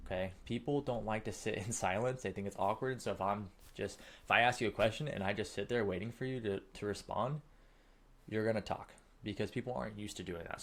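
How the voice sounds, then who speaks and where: Lowish-voiced man coaching a sales team. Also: gravelly, darkish tone. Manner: emphatic, checks in with frequent "okay?". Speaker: sales trainer. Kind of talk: coaching lesson.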